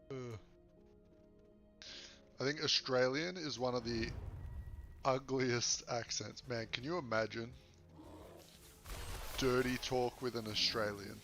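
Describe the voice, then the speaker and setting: A man's voice: mid-range voice, fairly even intonation, slow pace, pauses often, fairly bright tone, soft background music. A man casually chatting and joking with viewers during a game stream. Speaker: gaming streamer. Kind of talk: casual live-stream chat. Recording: noisy background.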